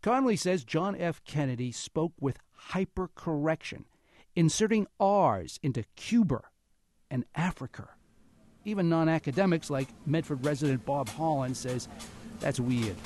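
A man's voice: on the high side, normal speed, dry recording. A man hosting a radio talk show, narrating a feature and then introducing guests in the studio. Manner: lively, animated delivery.

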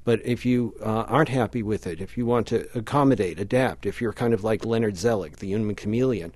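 A man, a linguistics professor, explaining a point in a radio interview in a measured way. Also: lowish voice, darkish tone.

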